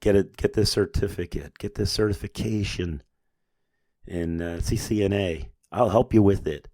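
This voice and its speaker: Middle-aged male podcast host, very low voice, chatty anecdotal storyteller who plays both sides of the talk. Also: normal speed, dark tone, no echo, studio quality. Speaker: business owner hosting a podcast. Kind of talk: casual storytelling monologue.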